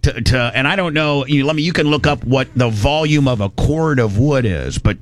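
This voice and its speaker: A man's voice: mid-range voice, moderate pace, dry recording. A middle-aged man from Indiana telling a long casual story, rambling with many restarts and salty words.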